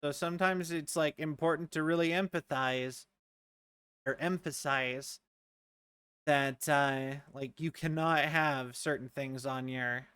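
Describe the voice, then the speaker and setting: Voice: mid-range voice, steady tone, slow, fairly bright tone, clear, resonant tone, no echo, clean studio sound. A streamer chatting casually and rambling while playing a game at a home setup. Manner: rambling, joking aside-talk. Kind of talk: casual gameplay chat.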